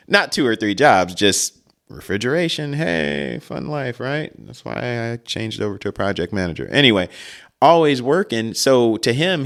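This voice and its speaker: A man in his forties hosts a podcast and tells a long story in a relaxed, rambling way. His voice sits on the low side. He laughs to himself and breaks off for asides. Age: 40s. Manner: rambling, chuckling, frequent asides. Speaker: podcast host. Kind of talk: casual storytelling.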